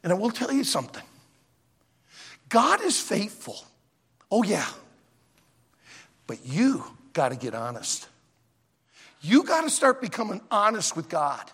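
A man preaching a sermon in a church auditorium, an animated, emphatic storyteller, with long hall reverb. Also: high voice, measured pace, long pauses, husky. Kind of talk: sermon with a told joke.

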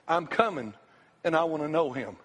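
A man's voice: on the high side, animated, normal speed, fairly bright tone. A middle-aged man, preaching a sermon with an impassioned, repetitive cadence as a pastor. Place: church sanctuary. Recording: long hall reverb, faint music.

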